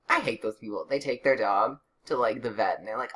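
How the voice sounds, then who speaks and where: Low-voiced sarcastic young woman gamer. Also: a little fast, hardly any pauses, a bit bright, husky. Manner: chatty, sarcastic, exasperated outbursts. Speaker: let's play gamer. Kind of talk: casual gameplay commentary.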